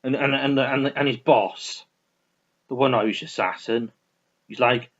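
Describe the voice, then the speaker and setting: A man's voice: medium pitch, fairly even intonation, a little slow, pauses often, fairly bright tone. A man rambling through a casual film review, restarting sentences and swearing freely. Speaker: vlogger reviewing films. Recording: dull lo-fi recording.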